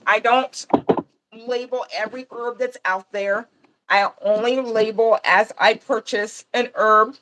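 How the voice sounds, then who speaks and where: A woman's voice: fairly high pitch, a bit bright. A woman from Panama hosting a gardening channel, chatting casually on a livestream and answering viewer comments as she goes.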